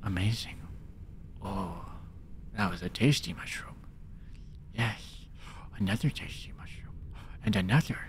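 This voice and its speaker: A greedy little gem goblin , as a streamer puts him on, talking with a wet, spitty mouth and muttering to himself. He drawls along at an unhurried crawl, in a voice sitting a bit lower than a typical man's. It is improvised game role-play. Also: whispered, natural voice. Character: small scavenging male gem goblin, greedy.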